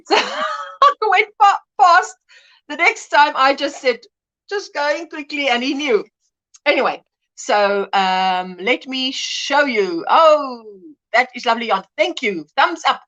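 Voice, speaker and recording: A woman's voice: high-pitched, lively intonation, slow, a bit bright. A middle-aged woman hosting a casual livestream chat, reading viewers' comments aloud and laughing often. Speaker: livestream host.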